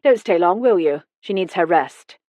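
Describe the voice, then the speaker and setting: A woman voicing a middle-aged English gentleman with a clipped, cut-glass upper-class accent in an audiobook. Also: fairly low pitch, lively intonation, moderate pace, dry recording, natural voice. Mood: polite, brisk.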